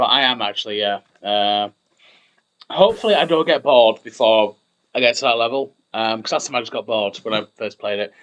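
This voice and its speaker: A man's voice: on the low side, a bit bright, low-quality recording. A young man rambling through casual gameplay commentary, chatty and self-mocking.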